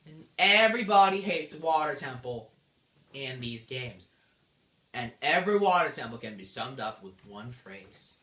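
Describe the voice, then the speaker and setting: A low-pitched woman retells a game in a bubbly, gushing way, her voice swooping up and down all the time. She speaks in an echoey room. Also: animated, normal speed, a bit bright, slight background noise. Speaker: game reviewer. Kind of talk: casual game recap.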